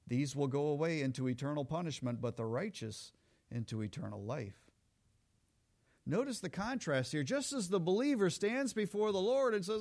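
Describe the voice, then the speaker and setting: Animated high-voiced male pastor preaching. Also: normal speed. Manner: animated, acts out voices of people he quotes. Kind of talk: sermon.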